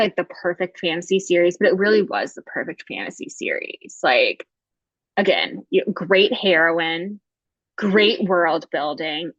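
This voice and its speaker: A woman's voice: fairly low pitch, fairly bright tone, no echo. Woman co-host, emphatic and gushing, casual chat, dry muffled sound. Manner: gushing, emphatic, fast bursts of enthusiasm. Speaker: podcast co-host. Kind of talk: casual chat about books.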